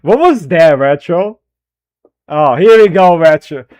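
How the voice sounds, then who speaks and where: A man's voice: on the high side, lively intonation, takes it slowly, darkish tone, no echo. A man chatting casually on a live stream while editing video, rambling and self-deprecating, often breaking into laughter.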